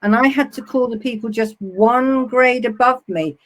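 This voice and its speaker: A middle-aged woman who hosts a web TV show speaks at a moderate pace in a voice on the high side. She chats casually, reminiscing and telling anecdotes. She often laughs at her own stories.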